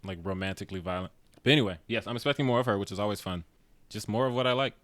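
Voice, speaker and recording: A man hosting a casual movie review podcast, relaxed and often laughing. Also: lowish voice, rapid-fire, dry recording. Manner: relaxed and laughing, drifts into impressions of lines. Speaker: podcast host.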